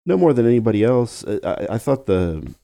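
A man chatting casually about a film, breaking into animated exclamations. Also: mid-range voice, fairly quick, creaky, no room sound, clean studio sound. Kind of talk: casual film-discussion chat.

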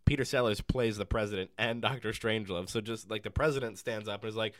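A man's voice: lowish voice, fast talker, fairly bright tone, no echo, studio quality. A man chatting casually about a film, hesitant, with frequent ums and restarts, laughing easily.

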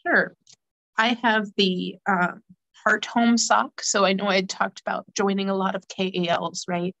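A woman chatting casually about her knitting, rambling with lots of fillers and clearing a frog in her throat. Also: medium pitch, fairly even intonation, measured pace, a bit bright, no room sound, muffled recording. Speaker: guest knitter. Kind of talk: casual knitting podcast chat.

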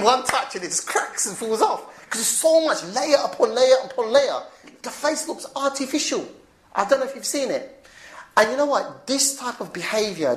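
Animated woman preaching, roomy echo. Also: medium pitch, slight background noise. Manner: animated, chuckling asides, repeats phrases. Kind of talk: informal religious talk.

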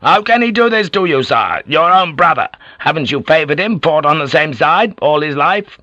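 A gruff, hot-tempered samurai general, put on by a male audiobook reader, barking his words bluntly in a raised, forceful voice. The audiobook recording sounds dull and muffled, and dry. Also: medium pitch, normal speed, no room sound, pitched above the performer's own voice, lightly acted. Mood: urgent.

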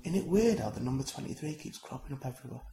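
Teasing, fast-talking man. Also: mid-range voice. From St Helens, North West England. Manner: teasing, deadpan mock-jealousy, swears freely. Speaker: podcast host. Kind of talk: comic banter. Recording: roomy sound with music behind.

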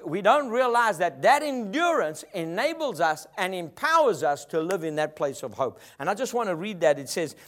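Male preacher, high-pitched, emphatic and rhythmic sermon style. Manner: emphatic, call-and-response preaching.

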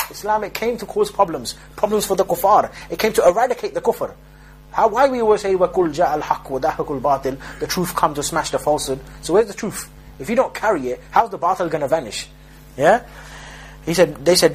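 A man's voice: fairly high pitch, animated, fast talker, slightly rough, rough recording. A man preaching a sermon in an emphatic, street-style way, often restarting his sentences.

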